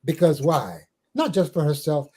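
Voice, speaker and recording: An older man from the Caribbean islands, a spiritual teacher telling stories in an interview, given to slow, theatrical recitation with big swells and drops. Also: fairly high pitch, animated, warm tone, breathy edge, poor audio. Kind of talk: storytelling and dramatic poetry recital.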